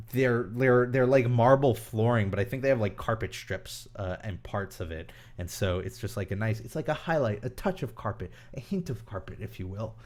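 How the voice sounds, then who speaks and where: A young male streamer reads audience questions out loud and responds in a meandering, conversational manner, pausing often and leaning on fillers. His voice sits on the low side.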